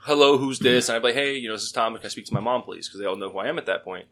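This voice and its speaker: A young man co-hosting a podcast, telling stories in an animated, profane, laughing way. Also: mid-range voice, very fast. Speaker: co-host. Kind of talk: casual podcast storytelling.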